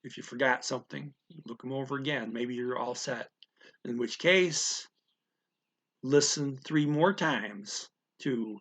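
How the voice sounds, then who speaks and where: Gravelly man explaining a language lesson. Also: medium pitch, a bit bright. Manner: explains step by step, often checks with "okay?" and "right?". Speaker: language teacher. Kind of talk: casual spoken language lesson.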